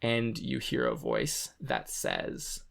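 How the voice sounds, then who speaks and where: Brief: a man running a tabletop game, very gravelly voice, lively pitch, halting with fillers. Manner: halting, full of ums and likes. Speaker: game master.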